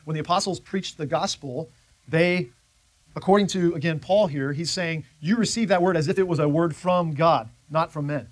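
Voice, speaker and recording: A man's voice: on the high side, moderate pace, dry recording. A man teaching a church Bible class in a conversational way, often checking in with his listeners.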